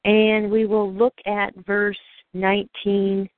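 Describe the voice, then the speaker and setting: A woman giving an earnest, measured evening sermon, telling personal stories and slowing down to read scripture. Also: mid-range voice, completely flat delivery, slight background noise. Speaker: preacher. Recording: dry, phone-like narrow sound.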